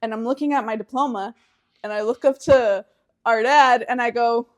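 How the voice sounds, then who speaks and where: A young woman co-hosting a podcast, telling a family story in a casual, animated way, acting out voices and laughing. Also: fairly high pitch, normal speed. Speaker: podcast co-host.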